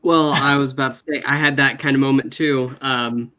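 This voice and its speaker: Guy telling a quick story, hesitant, mid voice. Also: medium pitch, fairly even intonation, pushed and bright. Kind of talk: casual chat.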